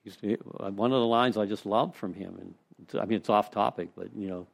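A man's voice: lowish voice, a little fast, gravelly. Man, recovery speaker, rambling storytelling, lots of "you know", meeting room. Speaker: recovery speaker leading a step study. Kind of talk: informal recovery talk to a group.

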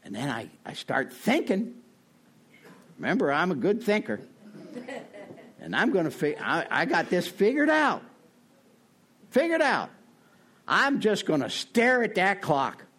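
A middle-aged man telling his own recovery story in a meeting, self-mocking, with sudden loud high bursts. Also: very animated, a little slow, breathy edge. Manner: self-mocking, laughs at himself. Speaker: recovering alcoholic speaker.

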